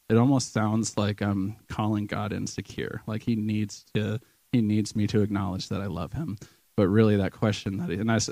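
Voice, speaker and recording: A man speaks at church in a low, gravelly voice with a flat, even melody. He is earnest and conversational, full of pauses and restarts, and the sound is dry and close. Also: dry recording. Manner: halting and conversational, many ums and restarts. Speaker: church member sharing a vision. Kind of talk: informal sermon testimony.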